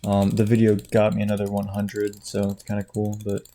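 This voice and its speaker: A man chatting casually at his computer at home, tired, quiet and rambling, laughing often. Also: on the low side, monotone, fairly quick. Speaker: video creator. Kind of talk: casual chat while clicking at a computer. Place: at home indoors.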